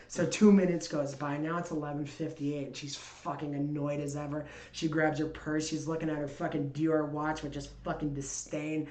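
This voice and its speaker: A woman co-hosting a podcast, telling a long story in a casual, profane, animated way. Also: deep voice, moderate pace, hardly any pauses. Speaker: podcast co-host. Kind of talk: casual chat. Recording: echoey room.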